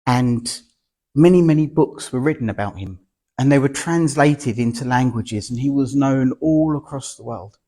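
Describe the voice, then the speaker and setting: A man's voice: mid-range voice, moderate pace, warm tone, lightly acted. A man voicing a sad, wistful old male carpenter in heaven, within a spoken joke.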